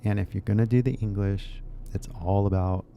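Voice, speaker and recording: Gravelly laid-back Californian man. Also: lowish voice, fairly even intonation, mellow, lo-fi sound, a little hiss or hum. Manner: laid-back, musing, drawn-out phrases. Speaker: English teacher. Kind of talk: casual rambling video lesson.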